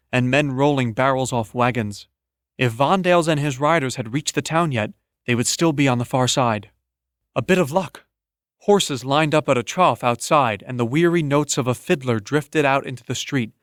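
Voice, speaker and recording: A man narrating an audiobook in a steady, measured storytelling manner on a close studio mic. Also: mid-range voice, dry recording. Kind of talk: scripted narration.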